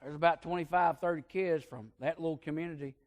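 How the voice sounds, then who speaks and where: A man preaching a sermon, telling a folksy story and swinging between hushed and loud emphasis. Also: on the high side, quick pace.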